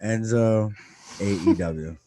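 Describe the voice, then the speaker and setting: A man's voice: on the low side, slow, mellow, a little hiss or hum. A man in his thirties co-hosting a podcast, joking and swearing freely in a casual chat. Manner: profane, joking reactions. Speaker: podcast co-host.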